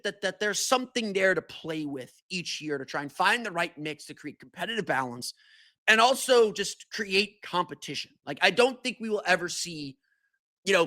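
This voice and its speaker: A man's voice: sits high, expressive, normal speed, sharp tone, dry recording. A man hosting a solo sports podcast, talking casually with many restarts and fillers. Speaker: podcast host.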